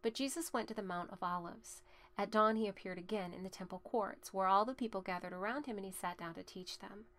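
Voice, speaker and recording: A woman reading scripture aloud in a steady, plain voice, including verse references and notes. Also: medium pitch, brisk. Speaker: Bible reader.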